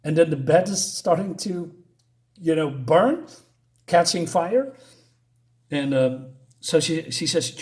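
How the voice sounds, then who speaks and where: A man walks through a horror comic page by page, pausing often and filling gaps with fillers. His voice sits a little high for a man. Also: expressive, darkish tone. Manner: hesitant, many fillers. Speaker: comic reviewer. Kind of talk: comic book recap.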